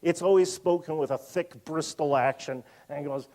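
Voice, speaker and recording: A man's voice: on the high side, normal speed. Joking man giving a museum lecture. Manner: animated, joking asides. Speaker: university lecturer. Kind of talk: public lecture. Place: museum auditorium.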